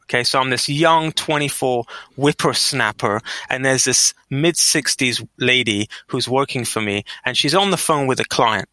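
A man's voice: normal speed, hardly any pauses, no echo, low-quality recording. A middle-aged man, a business owner, telling stories in an interview and acting out the dialogue. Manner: animated, acts out quoted dialogue with rising pitch. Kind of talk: storytelling interview answers.

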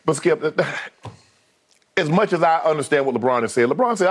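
A man co-hosting a lively sports debate show, animated and often raising his voice to quote players. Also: a little high, normal speed.

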